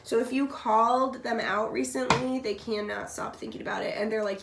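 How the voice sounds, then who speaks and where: A tarot reader gives a casual, blunt, chatty reading in a fairly high, creaky voice that stays fairly even. She talks at a normal speed with hardly any pauses, swears freely, and coughs now and then because she's sick. The room is echoey, with faint noise in the background.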